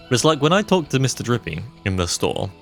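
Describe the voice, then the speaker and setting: A man streaming a game live, musing in relaxed asides between the dialogue. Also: medium pitch, creaky. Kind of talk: live gameplay commentary.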